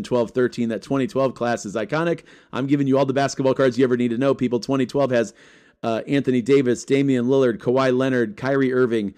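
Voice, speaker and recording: A man hosts his own collecting channel, rattling off long lists of names with an energetic, joking delivery. He talks casually to his viewers and tosses in quick, teasing asides. His voice sits at an ordinary middle pitch. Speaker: sports card collecting vlogger. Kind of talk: casual talk to camera.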